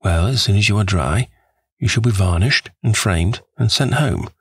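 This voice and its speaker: A man's voice: on the low side, expressive, normal speed, slightly rough, no echo. A man reading aloud, voicing an earnest, devoted painter who speaks in a pained, sincere way.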